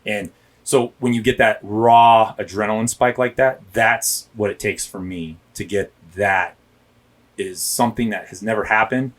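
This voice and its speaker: A man's voice: fairly low pitch, fairly even intonation, measured pace. A man, a police officer, telling his story candidly and emphatically in a casual podcast interview, often checking in with "right?". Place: podcast studio.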